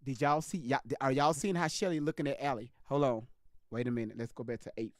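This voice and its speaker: A man's voice: medium pitch, steady tone, fast, no room sound, studio quality. A man hosting a live stream, commenting on a clip with emphatic, repetitive direct address to his viewers.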